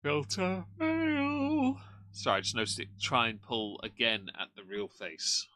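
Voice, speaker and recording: Male stream host, sarcastic and dismissive; bright, edgy tone, lowish pitch. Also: fairly even intonation, normal speed, no echo. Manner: dry, snarky, dismissive asides. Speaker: commentary livestream host. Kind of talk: sarcastic livestream commentary.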